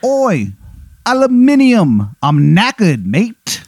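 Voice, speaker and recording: A man voicing a brash punk with a bad, put-on English accent, in a high and loud voice. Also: wildly swooping pitch, slow, husky, no room sound, clean studio sound, heavily acted.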